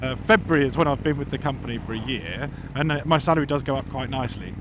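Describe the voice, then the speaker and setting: A man's voice: medium pitch, fast. A man, chatting casually to camera as a motorcycle vlogger, rambling, playful and self-mocking. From England. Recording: loud road noise.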